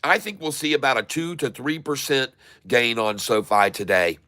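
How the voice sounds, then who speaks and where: A man talks through his live stock trades and calls out each price and fill as it happens. His voice is bright and smooth. The sound is dry and close. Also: medium pitch, no echo. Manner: running commentary, repeating tickers slowly. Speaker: stock trading streamer. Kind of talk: live day-trading commentary.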